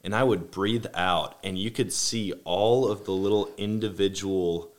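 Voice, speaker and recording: A man hosting a podcast, telling rambling, animated anecdotes in a casual family chat. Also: deep voice, unhurried. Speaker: podcast host. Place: home room with family.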